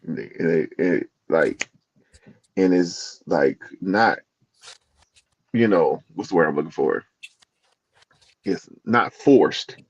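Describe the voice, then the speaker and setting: A man's voice: low-pitched, animated, slow pace, pauses often, no room sound, highs cut off. A man co-hosting a podcast in casual chat, rambling and restarting as he searches for words. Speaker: podcast co-host.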